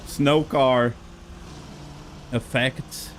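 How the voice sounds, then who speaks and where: A man's voice: mid-range voice, fairly even intonation, extremely slow, a little hiss or hum. A man casually commenting on racing game records on a live stream, rambling with many fillers and an occasional cough. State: coughing now and then.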